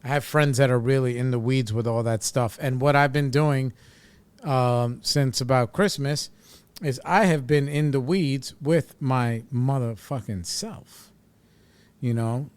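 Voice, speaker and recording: A man's voice: mid-range voice, a little slow, clean tone, no room sound. A man hosting a casual solo podcast, talking in a laid-back, rambling way with lots of fillers and swearing. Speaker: podcast host. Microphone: studio microphone.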